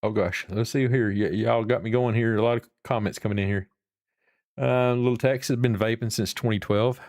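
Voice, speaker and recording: A man's voice: on the low side, steady tone, normal speed, darkish tone, no room sound, clean studio sound. A middle-aged man, chatting casually and rambling to his livestream viewers. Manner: rambling, folksy, swears casually. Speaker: livestream host.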